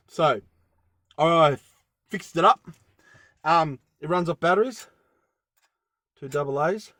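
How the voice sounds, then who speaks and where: A man's voice: fairly high pitch, slow pace, long pauses, pushed and bright, dry recording, clean studio sound. Rambling, enthusiastic van-living man. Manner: rambling and enthusiastic, full of fillers. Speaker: vlogger. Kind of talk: casual show-and-tell vlog. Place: inside a van.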